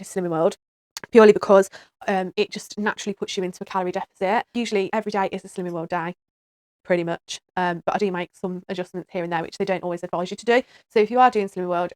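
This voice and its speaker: A woman's voice: medium pitch, no room sound. A woman in her thirties, a mother of four, chatting to camera in a playful, self-mocking way. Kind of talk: casual chat to camera.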